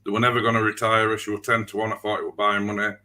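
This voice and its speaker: A man's voice: fairly low pitch, little pitch movement, racing, sharp tone. A man with a Yorkshire accent giving blunt, confident racing tips in a casual panel chat.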